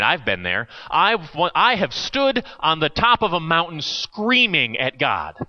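A man preaching in a loose, conversational way, his higher voice rising and falling all over the place. He swings from loud bursts to near hush. The recording sounds dull, lo-fi and dry. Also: dry recording. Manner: conversational, with sudden dramatic swings between loud and hushed. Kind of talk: sermon.

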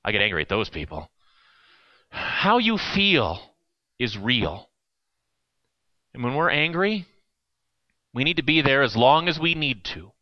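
A man preaching a sermon in a conversational way, swinging between loud bursts and hushed, quiet lines. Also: mid-range voice, big pitch swings, measured pace, pauses often, no room sound, highs cut off.

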